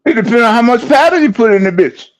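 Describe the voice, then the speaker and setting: An older man in casual chat, gruff and swearing, with halting restarts. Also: very high-pitched, lively intonation.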